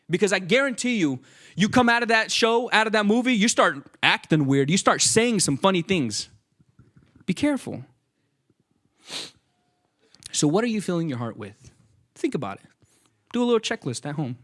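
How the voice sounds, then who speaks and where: Animated high-pitched young preacher. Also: male voice, moderate pace, pauses often. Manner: animated, acts out quoted voices, jokes with listeners. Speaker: youth speaker. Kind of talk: lively sermon.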